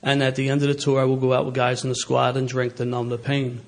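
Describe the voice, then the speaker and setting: A middle-aged man with a Philadelphia accent speaks at an AA recovery meeting, animatedly telling stories and laughing as he goes. His voice is mid-range and his pace is quick, with a live audience present in the meeting hall.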